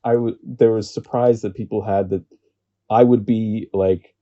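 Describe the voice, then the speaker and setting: Dark-voiced American man, rambling. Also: on the low side, fairly even intonation, lo-fi sound. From United States. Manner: rambling, halting, laughs often. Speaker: podcast guest, collector. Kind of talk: casual chat.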